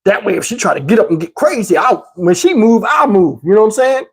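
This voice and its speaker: Animated man telling a funny story. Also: quick pace, slightly rough. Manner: animated, jumps up high for quoted lines. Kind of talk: comedic storytelling.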